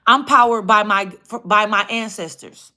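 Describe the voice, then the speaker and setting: A woman hosting a livestream, telling a story in a casual, animated and profane way. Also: mid-range voice, measured pace. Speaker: livestream host.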